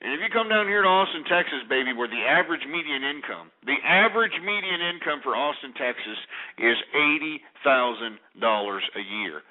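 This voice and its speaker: A man hosting a call-in radio show, ranting loudly and profanely at callers. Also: a little high, expressive, brisk. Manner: loud, profane ranting with angry outbursts. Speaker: talk radio host. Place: radio studio in Texas. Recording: tinny phone-line sound.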